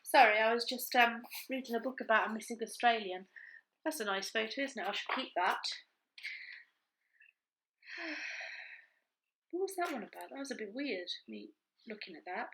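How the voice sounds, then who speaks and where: A woman's voice: on the high side, lively intonation, normal speed, pauses often, fairly bright tone, slight background noise, rough recording. A woman in a casual crafting chat, thinking aloud as she works. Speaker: craft vlogger.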